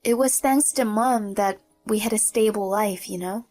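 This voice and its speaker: A woman's voice: medium pitch, normal speed, a little mellow, faint music behind, lightly acted. A woman voicing a confident, teasing adult daughter in a narrated story.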